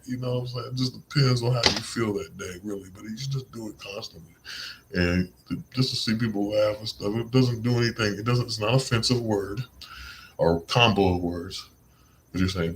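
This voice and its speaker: A man's voice: on the low side, fairly even intonation, moderate pace, slight background noise, poor audio. A man hosting a podcast, talking in a rambling, emphatic, slangy casual monologue. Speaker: podcast host.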